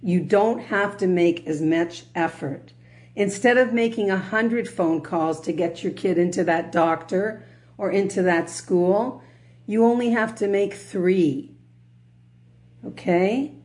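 A woman teaching a religious class in a medium-pitched, conversational voice. She breaks in with humorous asides and often checks in with her listeners. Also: slow pace, a little mellow. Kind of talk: religious lecture.

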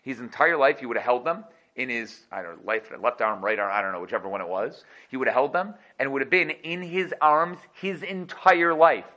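A man teaching an energetic Torah class, full of rhetorical questions and quick laughs. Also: mid-range voice, muffled recording.

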